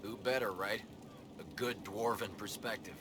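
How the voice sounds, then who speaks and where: A man voicing a low-voiced fantasy dwarf. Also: fairly even intonation, normal speed, lightly acted. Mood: matter-of-fact. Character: male dwarf of a fantasy keep, matter-of-fact. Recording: game audio with clear background noise.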